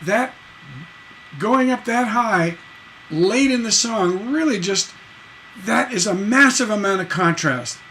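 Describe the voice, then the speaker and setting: A man's voice: high voice, lively intonation, slow pace, pauses often, background noise. A man teaching a casual songwriting lesson, explaining with enthusiasm and breaking into sung snippets and scatted rhythms. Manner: enthusiastic, conversational, sings melody snippets and scats rhythms. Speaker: songwriting instructor.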